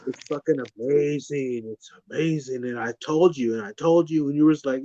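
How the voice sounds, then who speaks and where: A young man chats casually, swearing freely and circling back over the same words. His voice sits a little high. The sound is dry and slightly dull. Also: fairly quick, hardly any pauses, dark tone, no echo. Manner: profane, rambling, repeats words. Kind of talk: casual chat.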